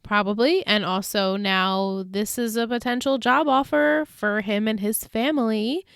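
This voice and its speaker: Woman podcast cohost, blunt chatty recap, clean smooth voice, dry close mic. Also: fairly high pitch, measured pace, a bit bright, no room sound. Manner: chatty, laughs often, blunt and profane. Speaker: podcast co-host. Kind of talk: casual chat recapping a TV episode.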